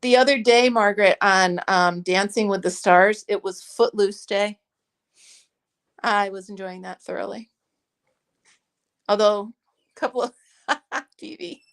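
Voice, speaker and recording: A woman's voice: mid-range voice, measured pace, gravelly, long pauses. A woman hosting a casual crochet club chat, playful and rambling, laughing often. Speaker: host of a crochet club stream.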